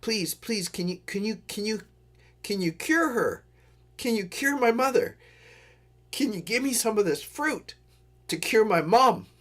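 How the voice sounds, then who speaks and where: A little boy begs through tears in a small, lifted voice, as a man puts him on while retelling a story. He stumbles over the same words again and again in a halting plea. The tone sits well above an adult's. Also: high voice, animated, a bit bright, pitched above the performer's own voice, heavily acted. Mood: tearful pleading. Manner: pleading, halting repeats. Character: small boy begging tearfully.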